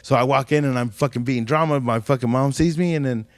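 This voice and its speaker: A man's voice: medium pitch, fast talker, no echo. A man hosting a podcast, telling a story in casual, profane slang and acting out the people in it. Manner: profane, slangy, acts out quotes in other voices. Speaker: podcast host.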